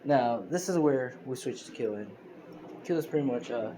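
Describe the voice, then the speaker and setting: A man's voice: medium pitch, expressive, moderate pace, dark tone. Rambling man retelling a fan story. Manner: rambling, many fillers and restarts. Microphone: phone screen recorder. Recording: noisy phone recording.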